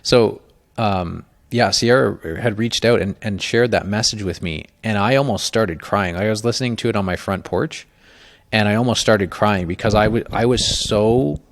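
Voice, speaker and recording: Low gravelly male podcast host. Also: moderate pace. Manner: candid, emotional, swears often, animated. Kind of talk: casual podcast conversation.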